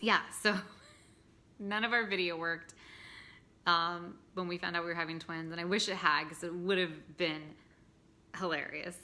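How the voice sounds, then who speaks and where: A woman's voice: on the low side, steady tone, normal speed, pauses often, music in the background. A young woman vlogging in casual chat, tired, chatty, laughing often and filling with lots of ums and likes.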